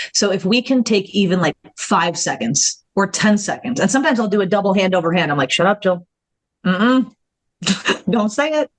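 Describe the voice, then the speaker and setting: A woman being interviewed as a therapist on a podcast, speaking lively, laughing often and acting out her own inner voice. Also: mid-range voice. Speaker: guest therapist and jiu-jitsu black belt.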